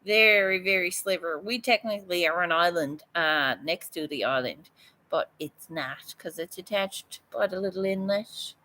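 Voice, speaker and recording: A woman's voice: fairly low pitch, normal speed, pushed and bright. A woman from Newfoundland with a Newfoundland accent, chatting casually and bluntly with her viewers, swearing freely and laughing often. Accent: Newfoundland English. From Newfoundland, Canada. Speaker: artist vlogger. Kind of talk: casual live chat to viewers.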